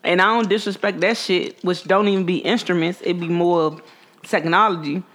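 A woman's voice: on the low side, steady tone, moderate pace, a bit bright. A woman co-host in casual podcast banter, ranting bluntly and profanely.

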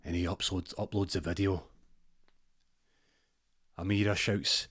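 A Scottish man telling a rambling comic story with deadpan asides. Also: sits low, measured pace, long pauses, no room sound, studio quality.

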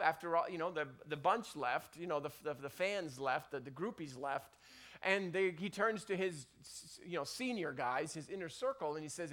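A man pastor preaching a sermon in a conversational way, with many restarts and loud emphatic peaks. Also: high voice, normal speed.

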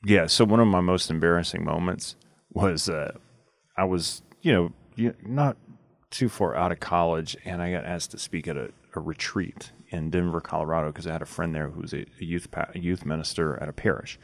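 A man's voice: deep voice, a little fast, gravelly, dry recording, clean studio sound. A man hosting a casual chat, telling stories and laughing often. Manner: laughing storyteller, chatty. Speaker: podcast host.

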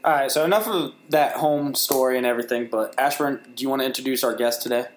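A man's voice: medium pitch, fast talker, slight background noise. A young man co-hosting a podcast, telling stories in casual chat, laughing often and acting out family members' voices. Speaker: podcast co-host.

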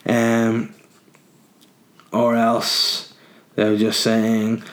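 A man's voice: on the low side, monotone, extremely slow. Male podcast host, casual and crude, rambles through listener questions with jokes. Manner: crude, joking, rambling with frequent ums. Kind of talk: casual solo podcast chat, reading listener messages.

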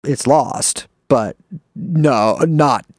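A man's voice: very slow, dry recording, clean studio sound. Rambling, profane podcast storyteller man. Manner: rambling, profane, with big swings in pitch. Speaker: podcast co-host. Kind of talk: comedic storytelling.

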